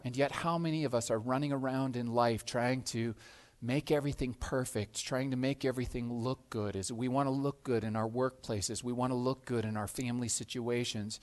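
A man's voice: medium pitch, steady tone, moderate pace, a little mellow. A male pastor preaching a sermon in a conversational way, often repeating words and acting out little scenes.

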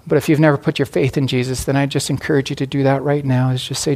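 A male pastor closing a sermon with a gentle, inviting call and a prayer, often restarting his phrases. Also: mid-range voice, flat delivery, quick pace, few pauses.

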